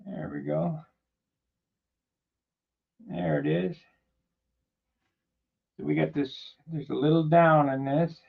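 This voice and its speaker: This model airplane builder and channel host has a slightly high, husky voice with vocal fry. He rambles slowly through a casual workshop vlog with fairly even intonation, long pauses, and plenty of plainspoken asides. The recording is dull and lo-fi, its top end rolled off.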